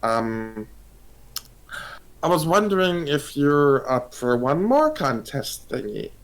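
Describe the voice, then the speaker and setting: A man's voice: a little high, big pitch swings, slow pace, heavily acted, low-quality recording. A man voicing a small, shy slime creature with a timid, stammering manner.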